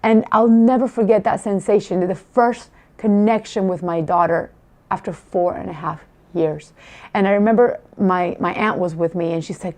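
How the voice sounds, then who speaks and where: Telling a family story as a testimonial, this mother speaks emotionally and sincerely, often restarting her sentences. She has a mid-range, slightly mellow voice at a moderate pace.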